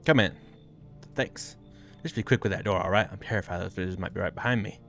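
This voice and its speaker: A man's voice: sits low, fast, a bit bright, faint music behind. A man voicing a scared, weary old grave digger with a folksy drawl, reading game dialogue aloud. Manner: folksy drawl, dropped words.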